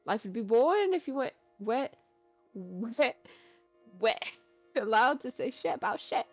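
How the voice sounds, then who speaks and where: A woman's voice: mid-range voice, fairly quick, a little mellow, no echo, close to an everyday voice. A woman voicing a boastful teenage boy bully soul in a game, talking crude and dismissive, in a slightly dull recording with game music behind. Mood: brash.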